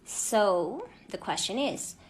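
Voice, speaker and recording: A woman teaching an English grammar lesson to children, speaking clearly and deliberately and stressing each example word. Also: mid-range voice, sing-song.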